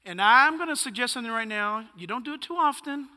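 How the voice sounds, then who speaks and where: A man's voice: very high-pitched, expressive, fast talker, sharp tone, big-room sound. A male pastor preaching a sermon, emphatic and punchy, firing off rhetorical questions.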